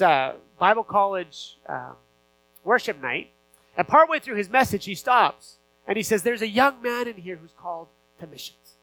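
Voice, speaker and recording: A high-pitched man with a sharp, bright voice preaches a sermon, telling a personal story in an earnest, unpolished way. His sentences restart and stumble, full of small fillers. A faint electrical hum sits under the recording. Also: rough recording. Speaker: pastor.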